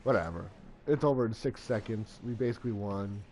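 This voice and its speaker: Young male gamer, casual live-stream chatter, breathless, swings to loud cheering, slight background noise. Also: fairly low pitch, a little fast.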